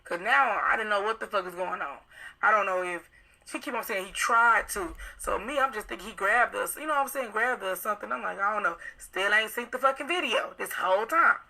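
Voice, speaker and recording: A young woman with a gravelly, bright voice recounts a night out in loose, profane storytelling. She acts out the other people's lines as she goes. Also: mid-range voice, rough recording. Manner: profane, rapid storytelling acting out quoted dialogue. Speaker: witness telling her account. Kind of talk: casual recounting on live video.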